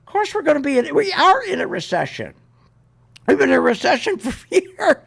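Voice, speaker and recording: A man hosts a radio show, ranting sarcastically in opinionated market commentary. His voice sits high for a man and has a gravelly fry running through it. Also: wildly swooping pitch, normal speed, fairly bright tone. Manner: ranting, sarcastic, mocks others in put-on voices.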